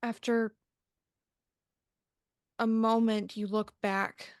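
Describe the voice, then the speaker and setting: Slow-narrating woman game master. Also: a little high, level tone, clear, resonant tone, no room sound, clean studio sound. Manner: measured, descriptive narration. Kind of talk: narrating a tabletop horror game.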